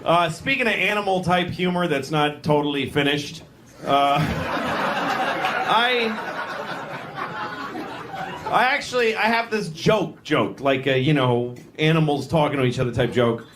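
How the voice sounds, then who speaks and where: A man with a slightly high voice performs stand-up on a comedy club stage, speaking unhurriedly with long pauses. He rambles, interrupts himself, and acts out voices for the audience, and the live recording is noisy.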